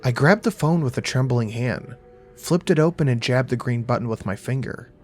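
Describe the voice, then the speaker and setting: A man's voice: medium pitch, animated, normal speed, darkish tone, faint music behind. A man narrating a first-person horror story in a casual, profane, wry voice.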